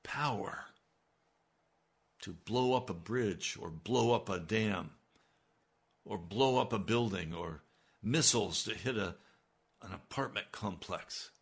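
A man's voice: on the low side, slow pace, long pauses, breathy edge. A man preaching a sermon as pastor, with emphatic delivery that swells on key lines.

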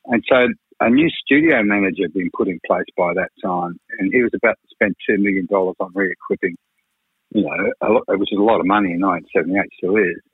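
A man's voice: low-pitched, animated, fast talker, husky, no echo. A man, a record producer, telling rambling, frank stories in a radio interview, full of "you know" and the odd swear. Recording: tinny phone-like radio line.

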